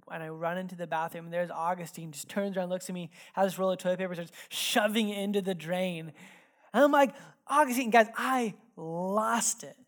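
Guy preaching in church, super casual and chatty, lots of "like", gets quiet and earnest sometimes. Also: high voice. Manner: casual, animated, filler-heavy delivery; drops to hushed, earnest tones when reflective. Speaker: pastor. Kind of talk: sermon with personal storytelling. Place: church sanctuary.

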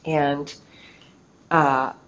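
A middle-aged woman hosting a casual storytelling podcast, chatty and animated, leaning on "like" a lot. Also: low-pitched, extremely slow. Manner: chatty, animated, heavy use of "like". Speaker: podcast host. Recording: slightly dull lo-fi recording with faint noise.

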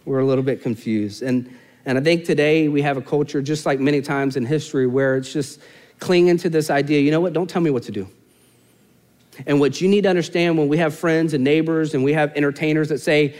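A man's voice: fairly high pitch, a little fast. A young man preaching a sermon, telling stories with humor and acting out voices. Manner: animated storytelling, mimics voices, self-mocking humor. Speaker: pastor.

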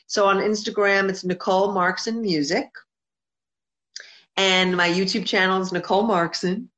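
A woman's voice: mid-range voice, fairly even intonation, normal speed, a bit bright. A woman singer-songwriter talking as an interview guest, heartfelt and emphatic, often repeating her points. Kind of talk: earnest interview talk. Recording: dull lo-fi sound.

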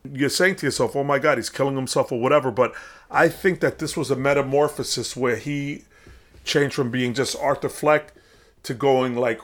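A man casually recapping a film, rambling on with frequent restarts and fillers. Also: mid-range voice.

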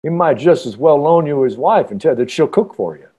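A man voicing a joking older shipyard worker from the Deep South, with a Southern accent and folksy humor. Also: expressive, fairly quick, mellow, breathy edge.

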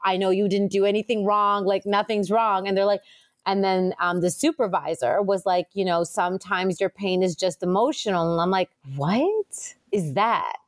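A woman acupuncturist chatting casually as an interview guest, telling stories in a lively way with lots of fillers. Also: mid-range voice, moderate pace. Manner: chatty, animated storytelling with many fillers.

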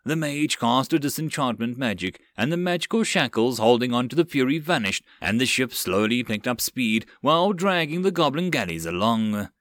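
A male audiobook narrator who tells a battle scene with a lively, swinging delivery. His voice is mid-pitched and the recording is dry and close. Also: moderate pace, hardly any pauses, dry recording. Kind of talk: audiobook narration of a web novel.

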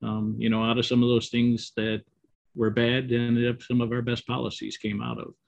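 A middle-aged man who co-owns an auto repair shop, answering interview questions in a relaxed, rambling way with many ums and you-knows. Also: medium pitch, moderate pace, creaky, no room sound. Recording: dull, slightly muffled dry audio.

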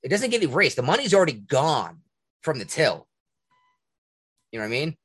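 A man hosting a podcast, ranting in casual talk, profane and indignant, with a husky voice. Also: a little high, very animated, normal speed, fairly bright tone. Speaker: podcast host. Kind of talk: heated casual rant.

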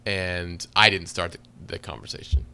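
A man's voice: low-pitched, fairly even intonation, moderate pace, pushed and bright, clean tone. A man co-hosting a podcast, giving a sarcastic, exaggerated movie review in casual chat. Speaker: podcast co-host.

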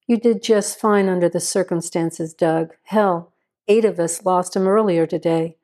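A frustrated middle-aged male sheriff gives brisk, commanding orders. A woman reading a story aloud plays him. Her tone stays mellow and warm. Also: on the low side, fairly even intonation, natural voice. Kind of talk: audiobook reading.

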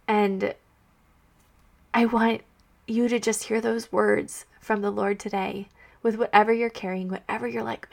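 A young woman hosting a Catholic podcast, sharing her faith in a heartfelt, soft-spoken way, often dropping to a hushed near-whisper and tearful at times. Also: a little high, steady tone, unhurried, creaky, long pauses.

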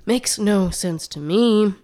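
A woman with a mellow, mid-range voice speaks slowly as a podcast co-host. She chats casually, reading out statistics and throwing in asides, slightly out of breath.

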